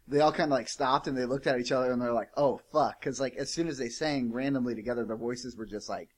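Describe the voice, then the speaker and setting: A man's voice: mid-range voice, steady tone, fast. A man co-hosting a podcast, telling a story casually with lots of "like" and swearing. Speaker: podcast co-host.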